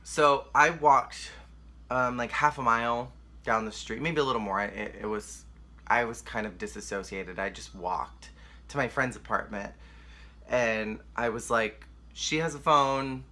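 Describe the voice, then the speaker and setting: A man's voice: medium pitch, unhurried, bright, forceful tone. A young man candidly telling a painful personal story to the camera, emotional and rambling, with lots of "like.". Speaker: vlogger.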